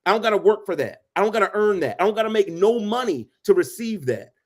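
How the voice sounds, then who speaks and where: A man's voice: high-pitched, expressive, fast. Emphatic man with a raised voice. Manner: emphatic, preachy, repeats phrases for emphasis. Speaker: podcast co-host. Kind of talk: casual advice conversation.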